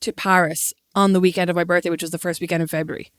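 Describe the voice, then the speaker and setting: A young Irish woman co-hosting a podcast, telling a story in a lively, self-mocking way. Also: lowish voice, rapid-fire, smooth, dry recording, studio quality. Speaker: podcast co-host. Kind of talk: casual chat, storytelling.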